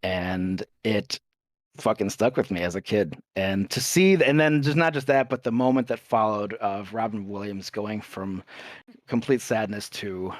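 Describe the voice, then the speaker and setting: A man's voice: lowish voice, normal speed, no room sound. A young adult man co-hosting a casual podcast chat, talking with rambling enthusiasm and casual swearing. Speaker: podcast co-host.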